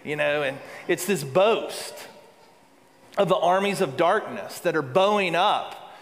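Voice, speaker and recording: Preaching slowly to his flock, a man with a slightly high, fairly bright voice grows more emphatic, repeating phrases as he builds in earnest intensity. He is a pastor, and the recording rings with long hall reverb.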